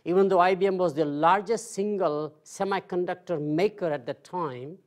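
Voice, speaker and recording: A man's voice: high-pitched, moderate pace, a little mellow. A man in his sixties giving a casual, conversational lecture on marketing with self-deprecating humor. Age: 60s. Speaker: marketing professor.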